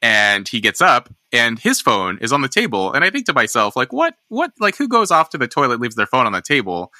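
A man's voice: mid-range voice, wildly swooping pitch, brisk, bright, forceful tone, no room sound. A man hosting a podcast, chatting casually and thinking aloud with lots of restarts. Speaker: podcast host. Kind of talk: casual discussion.

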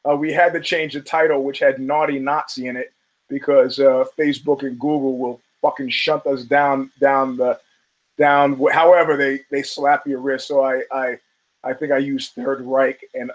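Male podcast host, higher voice, blunt, profane, casual monologue. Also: poor audio. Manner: blunt and profane, with laughing asides. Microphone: camera and studio mic.

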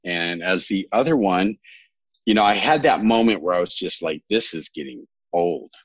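A man's voice: deep voice, animated, moderate pace, no room sound, highs cut off. A man in his thirties from California, a podcast guest telling his own story in a candid, rambling way, often correcting himself with a wry humor.

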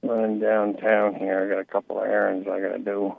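Gravelly guy calling in, laid back, kinda blunt, tinny phone sound. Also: fairly low pitch, completely flat delivery, brisk, no room sound. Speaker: caller. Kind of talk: casual phone call.

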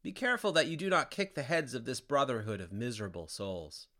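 A man's voice: mid-range voice, sing-song, brisk. A man voicing an anguished male damned soul who sharply warns a passer-by. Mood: urgent warning. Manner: urgent, sharp warning.

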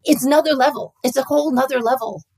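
A woman co-hosting a podcast, talking in a fairly high, husky voice. She chats in an animated way, jumping between topics and tossing off mock-exasperated asides. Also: quick pace, low-quality recording. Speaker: podcast co-host. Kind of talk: casual chat.

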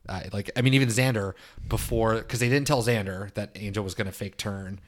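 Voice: mid-range voice, fairly even intonation, a little fast. A podcast co-host in casual chat, wry and blunt, with a habit of swearing for emphasis.

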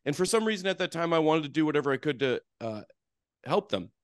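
A man's voice: a little high, animated, fast talker, no room sound. Chatty North Dakota man, dry sound. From North Dakota, USA. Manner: chatty and self-deprecating, with frequent "you know". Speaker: podcast guest, therapist. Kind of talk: casual storytelling interview.

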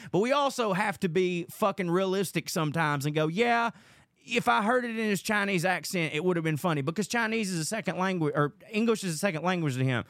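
A man's voice: sits high, a bit bright, no echo, studio quality. Profane man telling a story. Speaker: podcast host. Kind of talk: casual monologue.

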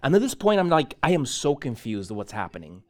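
Male pastor, sermon storytelling, animated, self-correcting, mid-pitched voice, church. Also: brisk.

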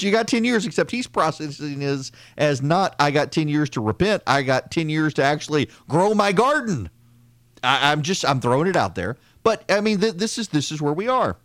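A man with a medium-pitched voice, recorded dry, hosts a political podcast. His monologue is opinionated and conversational, full of restarts and sarcastic asides.

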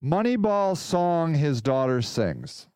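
Excitable man hosting a podcast. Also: a little high, slow, clear, resonant tone, no echo. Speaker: podcast host. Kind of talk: casual podcast chat.

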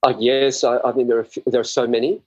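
A man's voice: medium pitch, flat delivery, fast, a little mellow, no room sound. An older man with an Australian accent, an author guest giving earnest, rambling, self-searching interview answers over slightly muffled remote audio.

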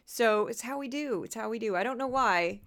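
A young woman with a New York accent hosting a solo political podcast, talking fast and loud. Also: fairly high pitch. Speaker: podcast host.

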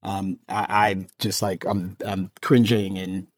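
A man's voice: sits low, flat delivery, slow pace, no echo, clean studio sound. A man co-hosting a podcast, talking enthusiastically but hesitantly, full of fillers. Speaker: podcast co-host. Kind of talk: casual chat.

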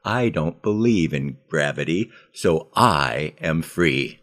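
A stubborn, scornful male friend voiced by a man reading a story aloud speaks firmly and brushes off every warning. The voice sits low and deep. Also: lively intonation, slow pace, a bit bright, full character voice. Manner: firm, scornful. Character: stubborn adult male friend, defiant and dismissive.

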